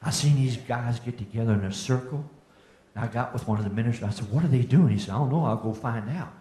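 An older man giving a folksy testimony sermon, rising to fervent shouts. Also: mid-range voice, quick pace, slight background noise. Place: church meeting hall. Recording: echoey hall.

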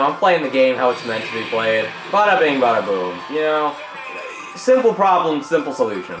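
A young man giving profane, jokey commentary over a fighting game, often yelling and swearing at his opponents. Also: fairly high pitch. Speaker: gaming YouTuber. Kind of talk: gameplay commentary. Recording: roomy room echo, game music behind. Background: game music.

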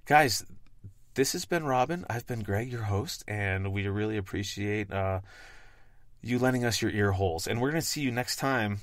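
A man's voice: lowish voice, no room sound, clean studio sound. A man hosting a podcast, chatting casually with crude jokes and wisecracks. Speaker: podcast host.

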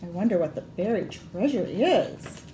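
A woman working as a children's librarian, reading a picture book aloud at storytime in a gentle, expressive, animated way. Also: mid-range voice, moderate pace, roomy sound, slight background noise.

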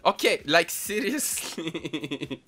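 A young man giving casual gaming commentary, excitable and quick to swear in frustration. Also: a little high, crowd noise. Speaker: gaming channel host.

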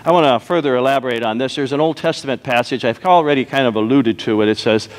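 A male pastor preaching a sermon, telling a joke story, then slowing down to stress key phrases. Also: mid-range voice. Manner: storytelling with punchlines, slow emphatic repetition. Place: church sanctuary. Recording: long reverb of a church hall.

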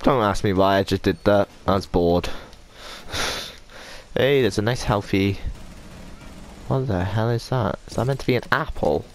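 Excitable young man with a gravelly voice. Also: on the low side, unhurried, long pauses, a little hiss or hum. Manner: excitable, joking, swears at opponents. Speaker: gamer. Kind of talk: casual gameplay commentary.

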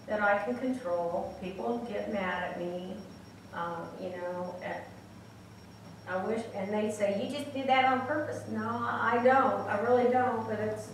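A woman's voice: medium pitch, slight background noise. A woman preaching a sermon in a small church, speaking candidly and personally, with many restarts. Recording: very echoey church room from far off.

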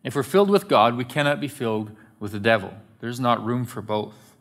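A pastor delivering a sermon in an earnest, emphatic way, in an event centre hall. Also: male voice, mid-range voice, expressive, brisk, a bit bright.

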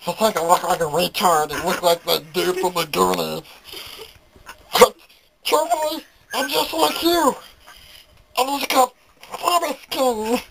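A man's voice: high-pitched, measured pace, gravelly, long pauses, background noise. A man putting on the voice of a goofy, self-mocking young guy who rambles, stammers and giggles. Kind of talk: comic character monologue.

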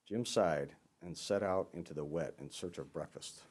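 A man playing Santa, reading a children's picture book aloud in a steady, gentle storytelling manner. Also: low voice, moderate pace, hardly any pauses.

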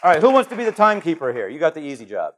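A man giving a conference keynote on stage, animated and playful as he calls volunteers up from the audience. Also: on the high side, racing. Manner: animated, calling to the crowd, playful. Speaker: keynote speaker.

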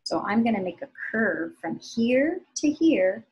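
A woman teaching young children to draw, giving slow, patient, sing-song step-by-step instructions. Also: a little high, sing-song, a little mellow, rough recording. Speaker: art teacher.

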